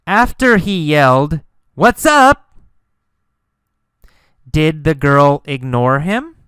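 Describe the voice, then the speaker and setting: A man teaching English through a mini story, asking and answering simple questions in a slow, deliberate way. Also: medium pitch, clear, resonant tone, dry recording, studio quality.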